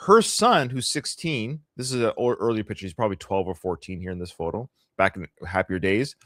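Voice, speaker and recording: Joking Canadian man with a lively low voice. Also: brisk, no echo, studio quality. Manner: joking, rambling, sarcastic. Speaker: podcast co-host. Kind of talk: casual live podcast chat.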